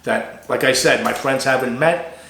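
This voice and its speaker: A man with a Boston accent hosts a casual interview, talking in an animated, chatty way. His voice sits in a middle register. The room around him is echoey, as in a small barber shop. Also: mid-range voice, normal speed. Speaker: host.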